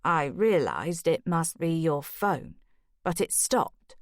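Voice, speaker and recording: A woman reading the part of a gentle older aunt who speaks slowly and softly. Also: deep voice, expressive, dry recording, clean studio sound. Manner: slow, soft, measured. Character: warm older aunt, gentle and slow-spoken.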